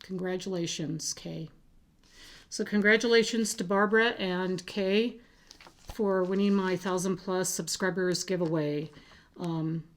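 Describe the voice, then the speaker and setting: A woman hosting a cross-stitch vlog, chatting casually to camera in a halting way, with frequent fillers and restarts. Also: fairly low pitch, fairly even intonation.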